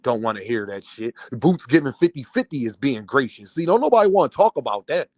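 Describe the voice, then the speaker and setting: A man's voice: mid-range voice, big pitch swings, fairly quick, no echo. A man, a boxing content creator, ranting on a livestream, angry, profane and heated. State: worked up and fuming. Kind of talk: livestream rant.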